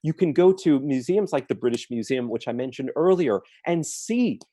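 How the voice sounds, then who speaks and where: A man's voice: medium pitch, animated, normal speed, warm tone, no room sound. A man giving an earnest apologetics talk at a church forum, listing his points one by one with emphasis. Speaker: apologetics speaker. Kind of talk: forum talk answering questions.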